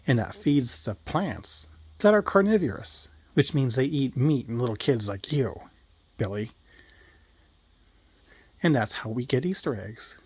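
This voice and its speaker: A man voicing a sharp-tongued, vengeful old grandmother who scolds and tells a grisly tale. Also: mid-range voice, lively intonation, a little slow, pauses often, breathy edge. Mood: storytelling.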